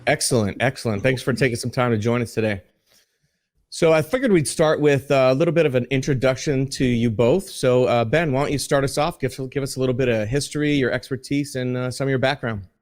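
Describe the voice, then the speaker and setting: A man's voice: mid-range voice, fairly quick. A man guest-hosting a live podcast from a studio, upbeat and friendly as he introduces his guests. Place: studio in Texas.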